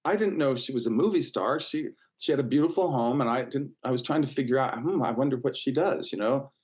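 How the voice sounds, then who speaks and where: A man in his sixties, a guest in a casual interview, tells stories briskly in a mid-range voice over poor audio. He's warm and chatty, full of fillers and restarts, and acts out the voices he quotes.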